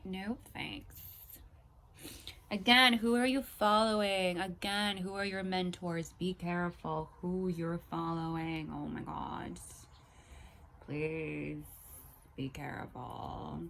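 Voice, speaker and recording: A woman's voice: on the low side, fairly even intonation, takes it slowly, creaky, a bit bright. A young woman vlogger ranting to camera in an exasperated way, swearing and at times dropping into whispers.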